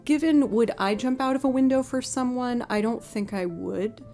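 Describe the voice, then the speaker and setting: A woman streamer telling a personal story in casual chat, acting out the people she quotes with sudden jumps in pitch. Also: moderate pace, soft background music. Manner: animated storyteller who acts out quotes with big pitch jumps. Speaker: streaming musician.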